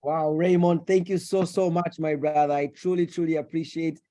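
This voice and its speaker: Effusive male meeting host, mellow voice. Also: on the high side, little pitch movement, moderate pace. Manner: effusive, joking, repeats words. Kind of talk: hosting an online business meeting. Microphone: video call.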